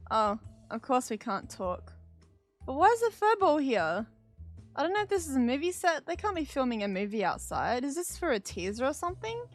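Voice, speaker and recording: A woman reading the lines of a vain, jumpy young male actor from a game, excitable and jumping high when startled. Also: normal speed, soft background music. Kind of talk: dramatic game dialogue read aloud.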